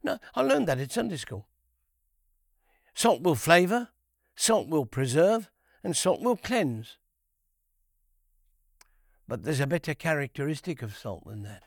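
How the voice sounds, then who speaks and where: Bible teacher, male, high voice, dry close sound, unhurried, repeats himself for emphasis. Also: big pitch swings, creaky, dry recording. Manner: unhurried, repeats key phrases, asks rhetorical questions.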